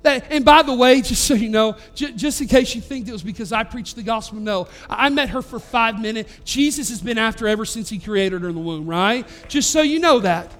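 A man's voice: extremely high pitch, lively intonation, fairly quick, few pauses, a bit bright. A man preaching as a pastor, telling a story in an earnest, conversational way with frequent restarts. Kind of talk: storytelling sermon.

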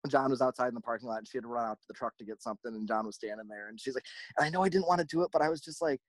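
A man telling stories in a casual chat, rambling and animated, often acting out the voices of people he quotes. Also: mid-range voice, very fast, no echo. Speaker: podcast host, merch company owner.

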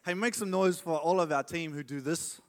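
Brief: a chatty man preaching a lighthearted sermon, voice sits a touch high. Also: normal speed. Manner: chatty, joking, hyping the crowd. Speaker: pastor. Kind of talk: casual humorous sermon. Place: church hall.

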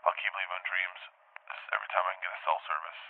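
A man leaving a voicemail, recounting a wild dream in a swearing, animated way over a tinny phone line. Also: low voice, quick pace. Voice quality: profane, animated storytelling. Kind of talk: storytelling voicemail.

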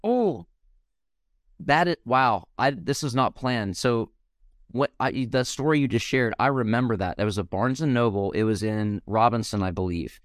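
A man's voice: mid-range voice, expressive, normal speed, no room sound, clean studio sound. A young man hosting a podcast interview, speaking with passion and heartfelt gratitude. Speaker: podcast host.

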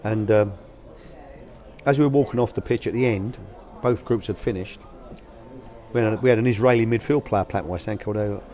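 A lowish, mellow voice belongs to an older man who speaks fairly quickly. As a guest and former youth academy manager, he gives storytelling interview answers about coaching young players, casual and colloquial, performing the quoted voices.

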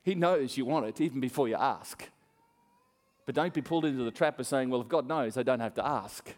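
Animated preacher in a reverberant hall. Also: male voice, mid-range voice, a little fast. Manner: animated storytelling, acts out voices, laughs often. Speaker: pastor. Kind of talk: sermon.

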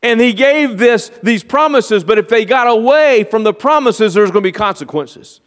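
A man pastor giving an earnest sermon, often slowing down and dropping to a quiet, confiding tone. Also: high voice, expressive. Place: church sanctuary. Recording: long reverb of a large hall.

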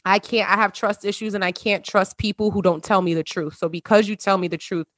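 A woman's voice: medium pitch, steady tone, fairly quick, fairly bright tone, dry recording. A woman hosting a casual podcast chat with friends over a video call, talking in a heartfelt, emotional way and laughing often. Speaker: podcast host.

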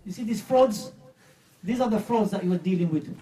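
A preacher delivers an emphatic sermon, slipping into scornful retellings of the claims he criticizes. His warm voice sits high for a man and moves a little fast. The microphone is some distance away, so he sounds slightly removed.

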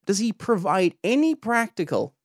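A man giving critical commentary on a podcast, his delivery lively and swinging up and down in pitch. He talks pointedly and throws out rhetorical questions. The sound is dry, with no room behind him. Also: moderate pace, dry recording. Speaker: podcast host reviewing a preacher's clips.

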